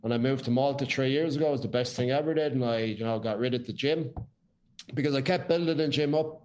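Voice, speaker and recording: A man's voice: mid-range voice, quick pace, darkish tone. An Irish man, a podcast guest, telling his life story in casual chat, blunt and swearing freely.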